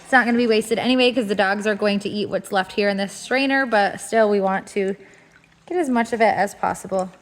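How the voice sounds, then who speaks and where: A woman explaining a kitchen task step by step in a relaxed, casual tutorial, with the odd filler. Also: mid-range voice, brisk. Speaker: homestead cooking instructor. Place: home kitchen.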